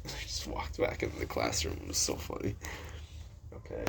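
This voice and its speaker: A man's voice: a bass voice, normal speed, creaky, fairly bright tone, a little hiss or hum. A man telling rambling school stories in a casual vlog, full of fillers and swearing. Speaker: vlogger. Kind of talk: casual storytelling.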